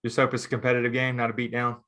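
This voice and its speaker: A man on a sports podcast jumps in with questions. He talks fast in a flat, even voice. He trips over his words as he asks. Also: medium pitch. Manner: quick, stumbling question-asking. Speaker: podcast co-host. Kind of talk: casual sports chat.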